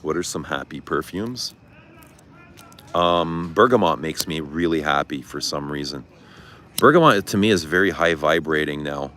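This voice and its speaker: Middle-aged man, very low voice, candid confessional livestream host. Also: sharp tone. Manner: candid, confessional, swears casually. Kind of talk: casual livestream chat reading comments. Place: outdoors. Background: traffic noise.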